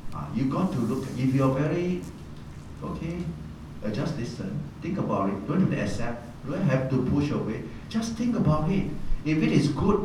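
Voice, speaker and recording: Monk in a very echoey hall. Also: male voice, mid-range voice. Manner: animated storyteller, laughs often, colloquial. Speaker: Buddhist monk teaching meditation. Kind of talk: dharma talk with anecdotes. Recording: very echoey hall, distant mic, background noise.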